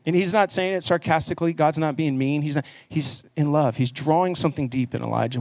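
A man's voice: fairly high pitch, a little fast, few pauses, a little mellow, dry recording, clean studio sound. A man preaching a sermon in church. He speaks earnestly and conversationally, and he rises into emphatic passages. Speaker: pastor.

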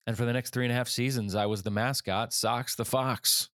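Male podcast host, 40s, earnest storyteller, middle pitch, dry booth sound. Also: a little fast, few pauses, no echo. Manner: earnest, animated when quoting others. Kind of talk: storytelling monologue.

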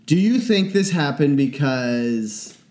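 A man's voice: on the high side, animated, takes it slowly, a little mellow. A young man co-hosting a podcast, rambling and joking in casual chat, often trailing off into fillers. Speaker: podcast co-host.

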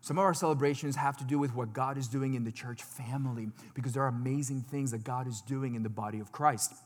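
A man preaching a sermon to his congregation, swinging from loud exclamations to hushed asides. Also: medium pitch, fairly even intonation, fast, in a large hall. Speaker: pastor. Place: church sanctuary.

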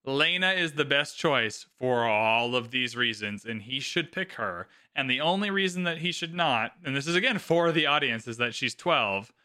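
A man's voice: medium pitch, normal speed, hardly any pauses, smooth. A man co-hosting a podcast, chatting casually and animatedly about a TV episode, swearing freely and filling his talk with "like". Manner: animated, swearing, lots of filler "like". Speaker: podcast co-host. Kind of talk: casual chat recapping a TV episode.

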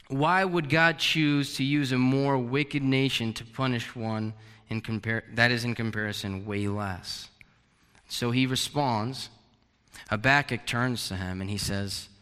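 A man preaching a sermon, animated, sometimes acting out a prophet's anguished questions. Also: medium pitch, smooth. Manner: animated, acts out Habakkuk's questions. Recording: long hall reverb.

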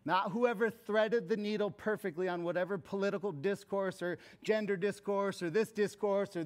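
High-pitched pastor guy preaching, goes quiet then gets loud and punchy. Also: fairly even intonation, normal speed, few pauses. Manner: swings from hushed and intimate to loud emphatic calls. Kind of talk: sermon.

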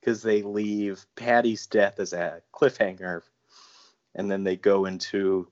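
A man's voice: on the low side, flat delivery, a little slow, darkish tone, lo-fi sound. A man guesting on a podcast in casual chat, gushing and enthusiastic.

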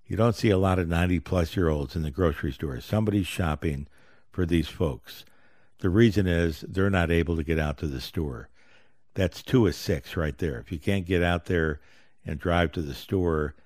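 Deep-voiced man hosting a radio money show. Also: normal speed, darkish tone, dry recording, clean studio sound. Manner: folksy, upbeat salesman patter. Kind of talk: radio financial talk show.

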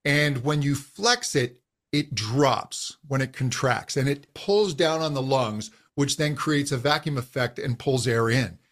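A middle-aged man, a vocal coach, explaining voice and breathing in a calm, instructive way during an interview. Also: medium pitch, measured pace. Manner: calm, instructive, uses physical demonstrations of voice.

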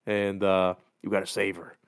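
A man's voice: low-pitched, little pitch movement, normal speed, clear, resonant tone, dry recording, clean studio sound. A man voicing a pair of rude brothers hunting for their lost sister, talking in an urgent rush.

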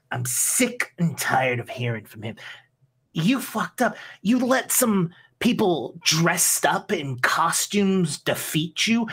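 A woman's voice: a bit bright, breathy edge, full character voice. A woman voicing a tall robed male fire demon lord, cruel and menacing, in a tabletop game. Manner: slow, low and threatening.

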